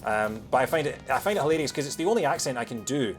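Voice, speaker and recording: A man with a Scottish accent softened by years in England, chatting quickly while streaming a game, with lots of fillers and restarts. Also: medium pitch, lively intonation, soft background music. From Scotland. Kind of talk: casual chat while playing a game.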